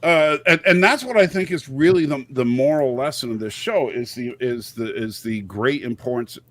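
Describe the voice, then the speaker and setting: A middle-aged man co-hosting a casual group chat about a TV show, thoughtful and halting as he makes his points. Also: mid-range voice, a bit bright, dry recording. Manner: thoughtful, halting, restarts phrases. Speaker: podcast co-host.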